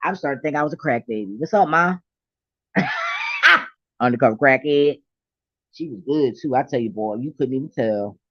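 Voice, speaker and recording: A woman's voice: very deep voice, fast talker, no echo. A middle-aged woman vlogging in a hyped, profane, laughing casual monologue. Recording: dull, dry lo-fi recording.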